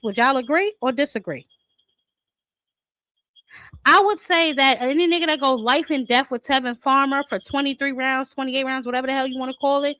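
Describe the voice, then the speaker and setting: A woman's voice: high voice, sharp tone, dry recording. Woman, livestream host, heated casual chat, exasperated rants with pet names for her viewers. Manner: exasperated, ranting, calls viewers baby and honey.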